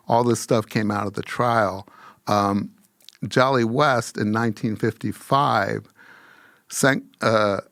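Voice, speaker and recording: Brief: lowish man, measured explainer, dry close sound. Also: no echo.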